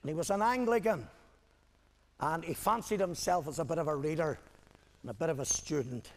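A man's voice: a little high, a little fast. An older man, preaching a sermon as pastor with emphatic, repeated rhetorical questions. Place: church hall. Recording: hall echo on old video tape.

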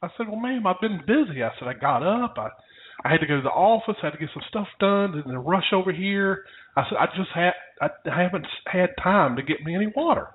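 A man's voice: sits high, animated, fast. A man casually telling a rambling story to his co-host, often chuckling. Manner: rambling, chuckling anecdote teller. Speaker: podcast co-host. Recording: tinny phone-like audio.

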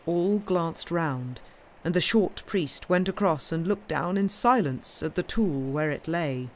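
A woman reading a classic detective story aloud in a steady storytelling voice. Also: lowish voice, unhurried, slight background noise. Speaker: reader.

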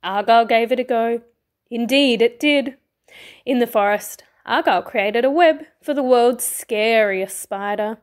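A primary school teacher reads a children's picture book aloud. Her voice is high, and she takes her time, shaping each sentence with expressive, storytelling care. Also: unhurried.

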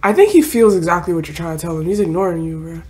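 A woman's voice: on the low side, fast, a little mellow, soft background music. A young woman doing casual anime reaction commentary, exasperated and emphatic, full of slang, repeats and swearing.

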